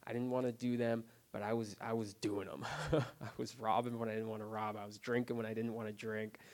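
At a recovery group meeting, a man gives his personal testimony in a casual, unscripted way, often sounding quiet and subdued. His voice is fairly low and his delivery flat, and he speaks haltingly, restarting phrases and filling them with "like" and "you know what I mean."

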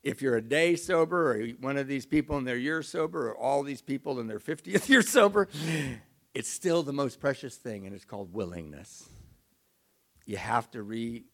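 A man's voice: medium pitch, lively intonation, moderate pace. A middle-aged man giving a confessional, emotional, self-mocking personal testimony as a recovery speaker.

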